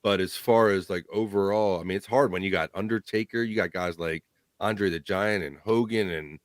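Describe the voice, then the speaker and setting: Low-voiced easygoing host, dry sound. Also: male voice, normal speed, no room sound. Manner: easygoing, casual swearing, uses "bro". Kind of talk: casual chat.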